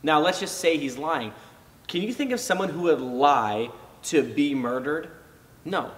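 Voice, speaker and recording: A man's voice: a little high, measured pace, long reverb tail, distant mic, poor audio. A man giving a casual youth sermon, talking it through conversationally with fillers and restarts. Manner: animated when acting out reactions. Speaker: youth pastor.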